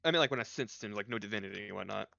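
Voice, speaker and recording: A man speaks as a player in a tabletop game, hesitant and rambling. His voice is low and gravelly. The mic sounds dull and lo-fi. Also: expressive, very fast, bright, forceful tone, dry recording. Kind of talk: casual tabletop play.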